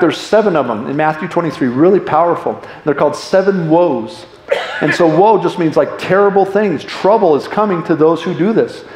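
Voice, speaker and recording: A man's voice: fairly high pitch, darkish tone. A middle-aged male pastor giving a conversational, jokey sermon to his congregation. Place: church hall. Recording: echoey church room.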